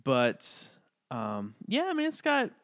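A man co-hosting a podcast, giving his opinion of a comic in relaxed, casual chat and laughing often. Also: mid-range voice, takes it slowly. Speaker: podcast co-host.

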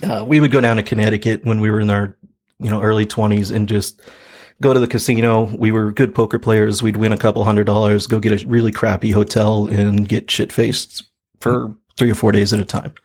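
Husky-voiced man telling a funny story. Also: on the low side, little pitch movement, fairly quick, darkish tone. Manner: laid-back, laughing storyteller with many fillers. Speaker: podcast co-host. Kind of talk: casual storytelling chat.

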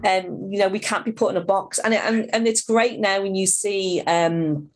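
A woman's voice: mid-range voice, normal speed. A middle-aged woman from Ireland, an outreach worker answering interview questions in a rambling way with many restarts.

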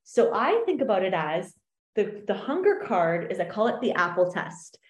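Animated woman coach, roomy sound. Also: medium pitch, normal speed. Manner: animated, acts out little voices in examples. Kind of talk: explaining an exercise in a podcast chat. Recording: roomy echo.

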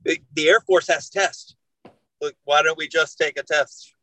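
A man in casual podcast chat, making his points in a measured, plain way. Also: fairly high pitch, steady tone, sharp tone, dry recording, low-quality recording. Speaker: podcast co-host or guest.

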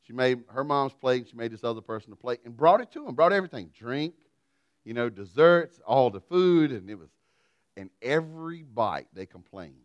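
A middle-aged man, preaching a sermon through a folksy, self-deprecating personal story, swinging from loud to quiet. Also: medium pitch, expressive, normal speed, no room sound, highs cut off. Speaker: pastor.

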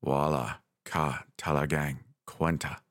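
A man voicing an old grandmother who has become a flying monster, pleading and then snarling in a low, hoarse voice. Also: steady tone, takes it slowly, fairly bright tone, dry recording, clean studio sound, full character voice.

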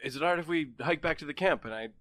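A man's voice: on the high side, rapid-fire, fairly bright tone, dry recording, studio quality. A young man playing a tabletop game in character, earnest and stammering. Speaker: player.

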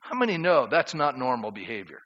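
Bright-voiced man preaching a sermon. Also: medium pitch, very animated, brisk. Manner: conversational preaching, asks the congregation questions. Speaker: pastor. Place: church sanctuary. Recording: dull sound in a reverberant church hall.

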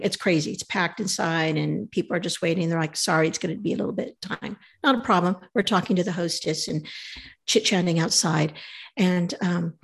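A woman telling a travel story in a casual, animated way, acting out the voices of the people in it. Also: lowish voice, gravelly.

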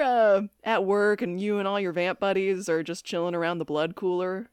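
A woman's voice: mid-range voice, steady tone, normal speed, a little mellow, clear, resonant tone, no echo. A woman co-hosting a podcast, recapping a TV episode in casual chat, swearing freely and gushing as a fan. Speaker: podcast co-host.

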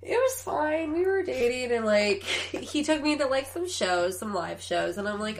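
A woman's voice: fairly high pitch, moderate pace, hardly any pauses. A woman telling a story in a casual podcast chat, laughing often. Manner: giggly, storytelling with quoted voices. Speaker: podcast guest.

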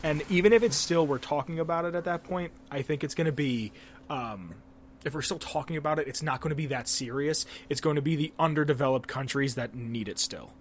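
A young man with a slightly raised voice chats excitedly on a podcast, rambling and cursing freely as he jumps between thoughts. Faint noise hums under the recording. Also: fairly high pitch, brisk. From Pennsylvania, USA. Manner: excitable, swears a lot, rambling. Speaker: podcast co-host. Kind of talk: casual podcast chat.

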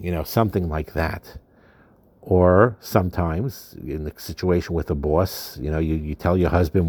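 A man's voice: low-pitched, normal speed, warm tone, dry recording. A man hosting a podcast, giving marriage advice in a casual, hesitant way with many fillers and restarts.

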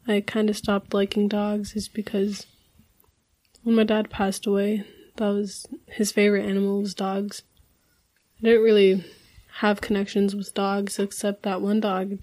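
A woman's voice: mid-range voice, darkish tone. Chatty young woman, rambling storyteller. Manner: rambling, many fillers, laughs often. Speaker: group chat participant. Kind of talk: casual group conversation.

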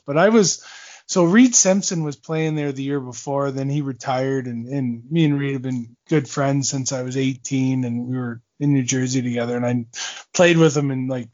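A former hockey player in his forties tells long stories in a casual interview, rambling with fillers, restarts and laughs. His voice is a little high with a darkish tone, and the audio sounds dull.

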